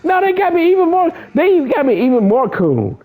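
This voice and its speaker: A man putting on a complaining actor in a much higher, whining voice. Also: sing-song, normal speed, a little mellow. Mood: exasperated. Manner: high-pitched, whining. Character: exasperated actor complaining about his movie role.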